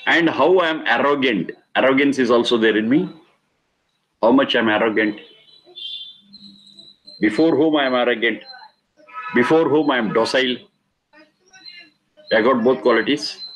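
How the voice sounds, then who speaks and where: A man's voice: medium pitch, normal speed, long pauses, poor audio. A middle-aged man giving a spiritual discourse, stressing and repeating key words and explaining Sanskrit terms. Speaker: Vedic teacher.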